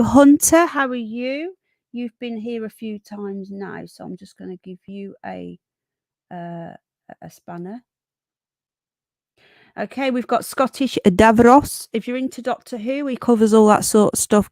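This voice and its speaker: A woman hosting a casual live stream, a bit croaky, chatting and greeting viewers by name with endearments like darling and sweetheart. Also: on the high side, dry recording, studio quality. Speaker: livestream host.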